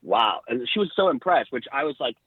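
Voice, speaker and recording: A man's voice: mid-range voice, quick pace, slightly rough, dry recording. Man telling stories over a tinny line. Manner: animated anecdotes with quoted dialogue. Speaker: podcast guest. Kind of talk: casual storytelling.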